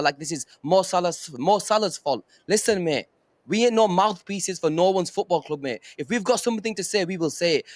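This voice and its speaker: A man's voice: high voice, dry recording. A man, a fan panelist on a podcast, ranting angrily and emphatically with swearing. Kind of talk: heated podcast rant.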